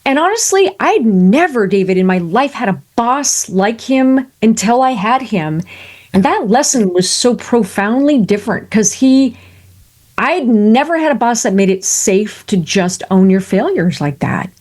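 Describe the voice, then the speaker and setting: A woman speaking as a podcast guest, an animated storyteller who tosses in quick asides and jokes. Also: a little high. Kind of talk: lively conversational interview.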